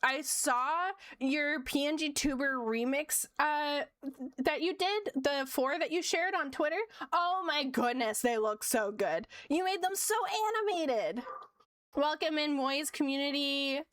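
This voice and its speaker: Giggly high-voiced young woman streamer. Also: unhurried, a bit bright, no room sound, studio quality. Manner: giggly, chatty, reads chat aloud. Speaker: art streamer. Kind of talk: casual stream chat.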